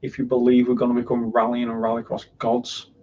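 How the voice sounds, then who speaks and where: A man's voice: mid-range voice, completely flat delivery, a little fast. A man co-hosting a casual motorsport chat show, rambling, tired and jokey, with plenty of swearing. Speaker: podcast co-host. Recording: muffled lo-fi sound with noise.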